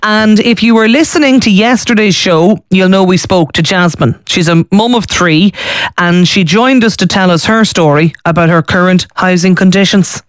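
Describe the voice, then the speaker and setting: A man's voice: high-pitched, normal speed, no echo. A man with an Irish accent presenting a live radio talk show, chatting and interviewing callers. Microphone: studio microphone.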